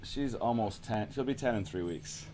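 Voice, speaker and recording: A man's voice: on the low side, normal speed, dark tone. A man in his thirties hosting a casual online chat, joking and laughing at his own guesses, talking through a headset. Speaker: host chatting with a stranger online. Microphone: headphones with push-to-talk.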